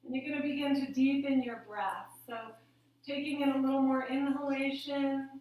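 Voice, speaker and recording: Calm yoga teacher, echoey room. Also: female voice, high-pitched, normal speed. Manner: calm, gentle, soothing guidance. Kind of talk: guided yoga instruction.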